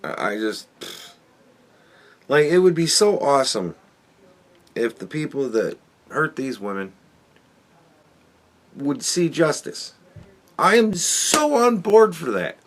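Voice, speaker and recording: A man's voice: on the high side, sing-song, slow, long pauses. A man hosting a podcast, talking in a rambling, profane opinion monologue full of restarts. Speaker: podcast host.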